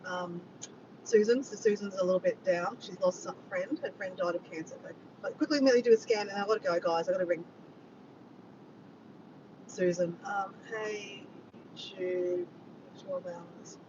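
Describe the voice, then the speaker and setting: Aussie woman rambling on a livestream, muffled far-off mic, loud rumbly vehicle noise behind her. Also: normal speed. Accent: Australian. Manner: rambling, reads out the chat and greets viewers by name. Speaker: vlogger hosting a livestream. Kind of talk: casual live chat with viewers.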